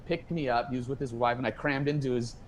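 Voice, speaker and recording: A man as a guest musician, telling a rambling, animated story in a casual interview from home over a video call. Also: mid-range voice, quick pace, slight background noise, low-quality recording. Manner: rambling, animated, acts out quoted dialogue.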